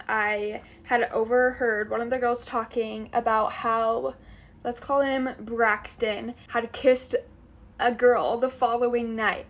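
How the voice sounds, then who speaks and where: A young woman tells a casual storytime in a chatty, filler-heavy way. Her voice sits somewhat high.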